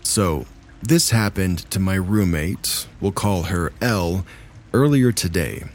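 Male story narrator, thirties, low voice, easygoing delivery. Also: slow, slight background noise. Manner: relaxed and chatty when speaking to listeners. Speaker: narrator of scary stories. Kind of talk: reading submitted stories aloud.

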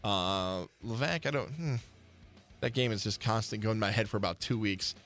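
A man's voice: on the low side, normal speed, soft background music. A man hosting sports talk radio, ranting with energy and acting out the quotes he tells. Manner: animated, ranting, acts out quotes.

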